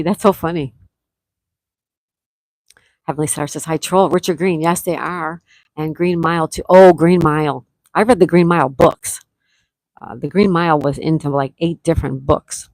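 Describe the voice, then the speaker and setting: Middle-aged woman host from Florida, slightly low voice, chatty, reads chat aloud, dry close sound. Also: darkish tone, no room sound, rough recording. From Florida, USA. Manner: chatty, greets viewers by name, reads their comments aloud. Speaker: livestream host. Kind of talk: casual chat, reading live chat aloud.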